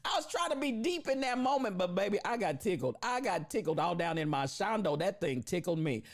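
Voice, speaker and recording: A woman's voice: medium pitch, big pitch swings, a little fast. A woman hosting a live stream, chatting casually, laughing often and calling her viewers baby and sister. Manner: emphatic, repeats phrases for effect.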